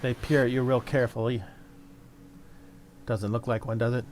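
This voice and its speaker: A man's voice: mid-range voice, level tone, moderate pace, darkish tone, slight background noise. A man narrating as game master of a tabletop game in a loose, hesitant way.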